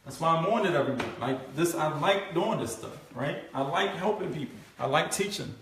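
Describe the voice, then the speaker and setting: A man coaching a group on marketing, talking in a fairly high voice and acting out his prospects' thoughts. He keeps checking in with "right?" and repeats his points. The sound is heavily echoey, with the mic set well away from him. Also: fairly quick, a little hiss or hum. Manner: animated, acts out prospects' thoughts; repetitive, asks "right?" often. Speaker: network marketing trainer. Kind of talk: live group coaching session. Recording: very echoey room, mic far off.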